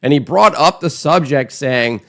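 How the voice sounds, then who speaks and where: A man's voice: a little high, a little slow, gravelly. A man hosting an online political commentary show, talking in a scornful, emphatic, conversational way.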